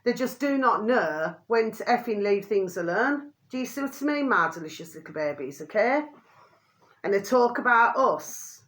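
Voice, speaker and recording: A woman's voice: fairly high pitch, animated, moderate pace, a bit bright. An older woman, vlogging in a rambling, chatty way, repeating the same pet phrase and drifting off topic. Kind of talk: rambling casual monologue to camera.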